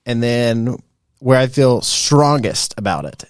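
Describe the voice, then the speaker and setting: A man in his thirties hosting a podcast in casual chat. He talks in an animated way, with lots of fillers, and laughs often. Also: mid-range voice, slow pace, clear, resonant tone, no room sound, clean studio sound. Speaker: podcast host.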